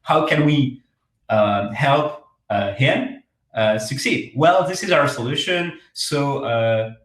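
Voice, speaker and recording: Man coaching startup pitches, roomy echo. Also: expressive, slow pace, fairly bright tone. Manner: frequent fillers and restarts, direct advice. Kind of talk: workshop talk.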